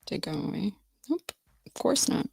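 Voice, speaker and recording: Tweaking her audio settings as she goes, a female livestream host chats casually with her viewers. She speaks at a moderate pace with a darkish tone, and the recording has no room sound.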